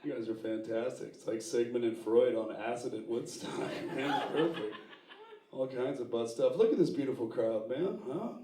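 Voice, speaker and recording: A man from New York City doing a stand-up comedy set, animated and profane, laughing at his own jokes and slipping into put-on voices. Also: medium pitch, normal speed. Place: live comedy venue with audience. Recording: roomy, distant live room sound with noise.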